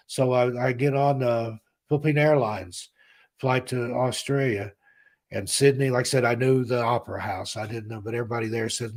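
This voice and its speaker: A man in his fifties from the American South, hosting a casual live stream, chatting warmly and reading out viewers' names. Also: medium pitch, steady tone, normal speed. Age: 50s. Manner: rambling, heartfelt, reads chat names aloud. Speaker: host.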